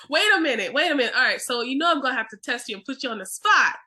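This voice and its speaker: A woman hosting a podcast, chatting casually and excitably, laughing often. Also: high voice, quick pace, noisy background. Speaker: podcast host. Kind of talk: casual chat.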